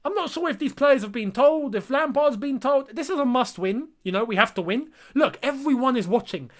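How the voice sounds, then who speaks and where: A young man with a very high, expressive, fairly bright voice speaks briskly while hosting a live football watchalong. He delivers live match reaction and commentary with disbelief and exasperation, addressing viewers straight on as lads.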